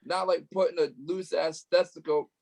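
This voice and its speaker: A man's voice: fairly high pitch, little pitch movement, moderate pace, vocal fry, darkish tone. A man co-hosting a podcast, chatting about a horror movie in a laid-back, joking way. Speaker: podcast co-host. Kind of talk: casual movie review chat.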